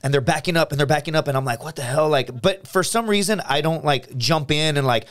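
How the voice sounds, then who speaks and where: An American man, a podcast co-host, telling a story in casual chat, animated and full of restarts, acting out his friends' lines. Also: a little high, fairly quick. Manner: animated, restarts a lot, acts out quoted friends.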